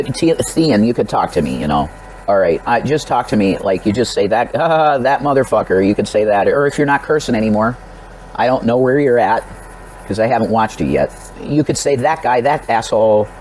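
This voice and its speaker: A man's voice: mid-range voice, darkish tone, slight background noise, poor audio. A man talking in a rambling personal vlog, addressing another creator directly, restarting his sentences and repeating himself. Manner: rambling and repetitive, with frequent restarts and direct pleas to the viewer. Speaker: religious vlogger.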